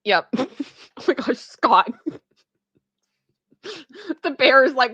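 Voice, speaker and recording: A woman hosting casual reaction commentary, chatty and expressive and quick to laugh. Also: high voice, husky, no room sound, muffled recording. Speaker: pop culture reaction host.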